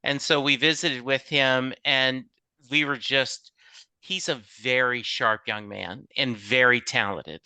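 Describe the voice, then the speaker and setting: Laid-back podcast host, super bright voice, dry close sound. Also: medium pitch, takes it slowly, clean tone, no room sound. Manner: relaxed, brief affirmations. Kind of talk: casual podcast chat.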